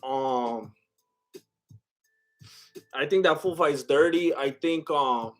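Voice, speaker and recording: A man's voice: medium pitch, takes it slowly, soft background music. A man with a Mexican-American accent chatting casually on a live stream, rambling with lots of fillers and laughter.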